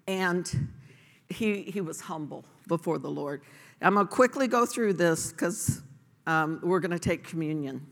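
Woman pastor, bright, forceful sermon delivery in a reverberant church hall; emphatic rhetorical questions. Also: on the low side.

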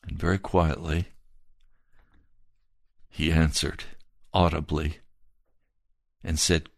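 A man preaching a slow, earnest sermon and telling a personal testimony. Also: extremely low pitch, level tone, vocal fry, no echo, clean studio sound. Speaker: pastor.

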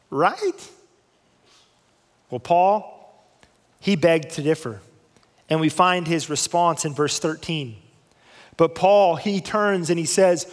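A man with a fairly high voice delivers a storytelling sermon, drawing out key words for effect. His voice rings with the long reverb of a large hall. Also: very animated, slow pace, pauses often. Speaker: preacher.

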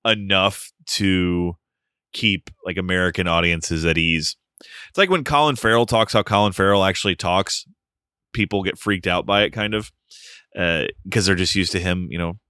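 Guy with a real low, bright crisp voice, laid back movie podcast chat, dry close mic. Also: normal speed, no room sound. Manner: laid-back, recaps plot with joking asides. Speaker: podcast co-host. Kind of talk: casual movie review chat.

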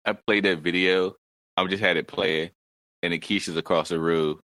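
A man in casual chat, speaking excitedly and halting over his words. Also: deep voice, no echo.

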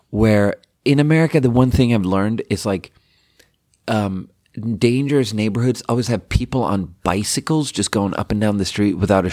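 A man's voice: fairly low pitch, darkish tone. Rambling, profane man telling a story. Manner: rambling and profane, heavy with fillers. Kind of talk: casual storytelling monologue.

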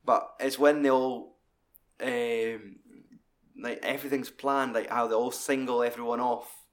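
Man, casual co-host, loose sweary recap with quick acted-out quotes. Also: medium pitch. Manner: animated, sweary, acts out quotes. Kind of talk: casual film discussion.

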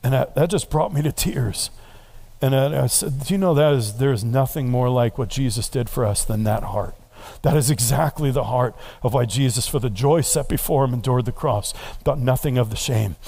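Man, pastor, sermon, conversational storytelling, earnest prayerful emphasis, mid-pitched voice. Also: moderate pace, gravelly, dark tone.

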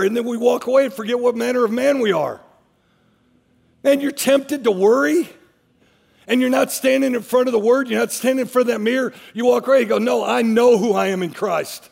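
A man's voice: very high-pitched, fairly quick, creaky, a little mellow, breathy edge, big-room sound. A man preaching a sermon as a pastor, emphatic, repeating his phrases as he drives each point home.

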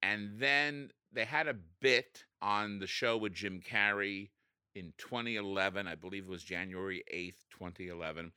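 Bright, animated male actor telling a story. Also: normal speed, smooth, dry recording, studio quality. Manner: animated, acts out quotes with big pitch jumps. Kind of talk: casual interview storytelling.

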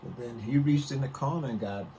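A man's voice: mid-range voice, warm tone, a little hiss or hum, low-quality recording. An older man from Mississippi, telling stories unhurriedly as a guest in an interview. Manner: unhurried, vivid storyteller. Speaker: musician guest. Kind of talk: storytelling interview.

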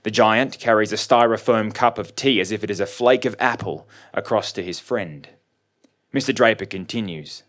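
A man narrating a first-person story in a measured, dry, observant way. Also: lowish voice, a bit bright. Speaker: reader.

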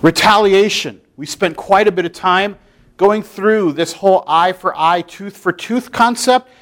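A man's voice: high-pitched, measured pace, a bit bright. A man preaching a sermon in a conversational way, with playful, mock-incredulous asides. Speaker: pastor.

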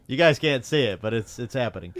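A man's voice: medium pitch, animated, brisk. A man co-hosting a podcast, chatting casually about a TV show, rambling with frequent laughs and restarts. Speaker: podcast co-host.

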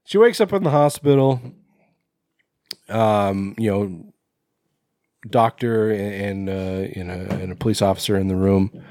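A man's voice: on the low side, a little slow, pauses often, mellow, no room sound, clean studio sound. A man co-hosting a podcast, recapping a horror film in loose casual chat, rambling with lots of fillers and swearing. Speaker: podcast co-host.

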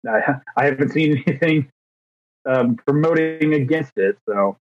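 A man's voice: a little high, normal speed. A man of thirty co-hosting a podcast, telling rambling, self-deprecating stories with fillers in casual chat. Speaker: podcast co-host. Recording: dry, slightly dull podcast mic.

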